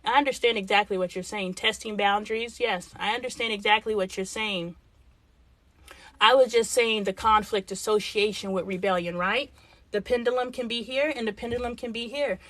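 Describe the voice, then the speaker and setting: A woman's voice: mid-range voice, normal speed, no echo. Frank woman chatting on a livestream. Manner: frank, animated, thinks aloud while reading comments. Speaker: livestream host. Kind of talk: casual livestream chat reading comments.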